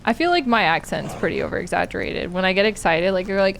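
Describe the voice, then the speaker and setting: A woman's voice: mid-range voice, expressive, fast, creaky, slight background noise. A woman with a Californian Valley Girl accent, chatting casually as a streamer, dropping "like" constantly and laughing often. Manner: fills speech with "like" and "oh my God", laughs often. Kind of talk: casual chat while gaming.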